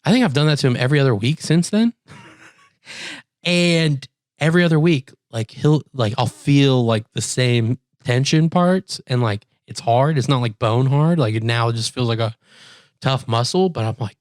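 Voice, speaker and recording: Man telling a rambling, animated story. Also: mid-range voice, moderate pace, no echo, clean studio sound. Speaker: podcast co-host. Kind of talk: casual chat.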